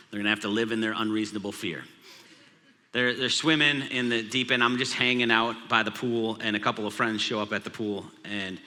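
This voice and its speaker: A man's voice: lowish voice, bright, forceful tone. A man in his thirties, a pastor, telling a humorous family story in a sermon. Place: large church auditorium. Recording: long hall reverb.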